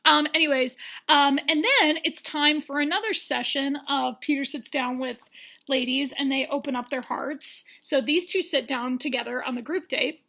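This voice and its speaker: A woman's voice: high voice, moderate pace, bright, forceful tone. A woman giving a rambling, sarcastic comedic recap of a dating show, with lots of fillers.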